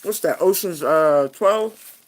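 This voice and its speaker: A woman's voice: fairly low pitch, slow. A woman giving a casual tarot reading, talking bluntly and frankly and laughing often. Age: adult parent. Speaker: tarot reader.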